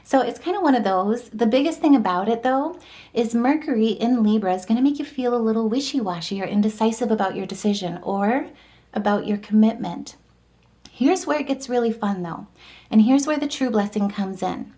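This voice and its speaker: With a fairly high, dark-toned voice and a slightly quick pace, this woman delivers a relaxed, cheerful horoscope. She's a tarot and astrology reader who chats encouragingly while rattling off long strings of keywords.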